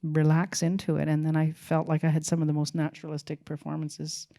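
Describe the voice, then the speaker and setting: A middle-aged woman, a film director as guest, talking in a halting, musing way with many restarts. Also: low-pitched, completely flat delivery, creaky, warm tone. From Canada. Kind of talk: casual interview talk.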